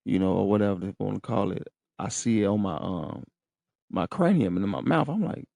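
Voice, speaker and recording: A man's voice: lowish voice, animated, brisk, creaky, dark tone, no echo. A man hosting a podcast, telling listeners a story in slangy, profane casual talk and often checking in with them. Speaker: podcast host. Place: room in a rehab center.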